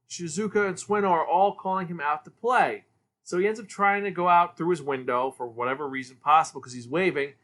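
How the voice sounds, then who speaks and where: A man hosts a casual solo review podcast, with a bright voice pitched a little high. He talks enthusiastically and rambles easily from point to point. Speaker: podcast host.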